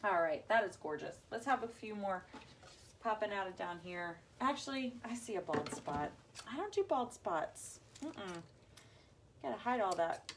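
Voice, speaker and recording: A woman's voice: mid-range voice, lively intonation, a little slow, slight background noise. A woman hosting a live craft demo from home, chatting to viewers as she works. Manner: chatty, talks to viewers as y'all. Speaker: craft livestream host.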